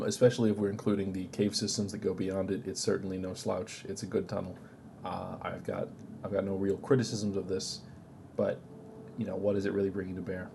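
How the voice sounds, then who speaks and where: A man's voice: low-pitched, gravelly, background noise. A man giving casual, profane tier-list commentary on a game, blunt and opinionated. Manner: blunt, opinionated, swears freely. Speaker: gaming video creator ranking game locations.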